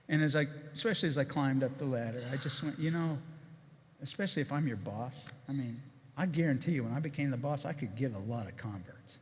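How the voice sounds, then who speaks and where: An older man, a retired chief executive, telling stories in a casual, animated way with many restarts and asides, as a guest in a church service. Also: a little high, brisk, a little hiss or hum. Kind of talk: casual testimony on stage. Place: church auditorium. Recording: long reverb of a church hall.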